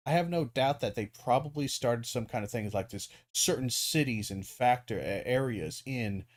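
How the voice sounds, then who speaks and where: A man's voice: medium pitch, lively intonation, normal speed, no room sound. A man giving casual, rambling video commentary, full of ums, restarts and the odd swear word.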